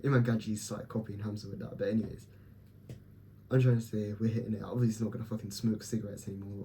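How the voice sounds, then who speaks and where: A man's voice: on the low side, level tone, fast talker, warm tone, slight background noise. A young man talking candidly to camera in a personal vlog, blunt and swearing as he gives himself and his viewers a pep talk. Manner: blunt, profane, self-motivating pep talk. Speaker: vlogger.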